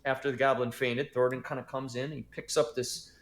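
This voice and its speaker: A man's voice: mid-range voice, little pitch movement, a little fast, reverberant, slight background noise. A man running a tabletop game as game master, narrating in a loose, hesitant way with lots of fillers.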